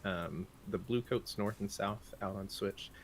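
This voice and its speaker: Male co-host, gravelly low voice, brisk news read-out with joking asides. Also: slight background noise. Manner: brisk list-reading with playful asides. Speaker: morning show co-host reading game news. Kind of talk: casual morning show banter.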